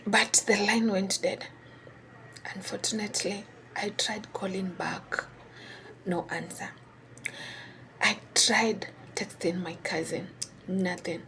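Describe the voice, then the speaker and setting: Slow, whispering woman telling a story. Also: mid-range voice, steady tone, bright, forceful tone, a little hiss or hum. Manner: halting and hesitant, with many pauses and restarts.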